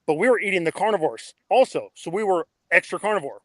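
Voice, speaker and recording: Man, 30s, podcast guest, blunt excitable storytelling, fairly high voice, dry close sound. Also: fast, no room sound. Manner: blunt, excitable, swears freely. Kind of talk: casual interview storytelling.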